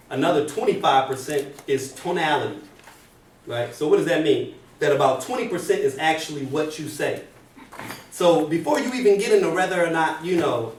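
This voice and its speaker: A man teaching a class about job interviews, talking in an energetic classroom lecture style. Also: a little high, a little fast. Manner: energetic, demonstrates bad habits by mumbling. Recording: roomy, distant, faint hiss.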